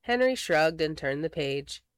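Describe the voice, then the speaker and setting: A woman reading a children's picture book aloud, expressive and slowing for dramatic words. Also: sits low, no echo. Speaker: storybook reader.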